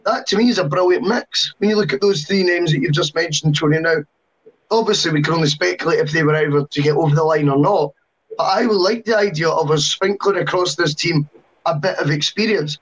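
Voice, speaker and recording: Chatty high-voiced man. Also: fairly quick, breathy edge, highs cut off. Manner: chatty, long-winded with asides. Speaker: podcast co-host. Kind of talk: casual football podcast chat.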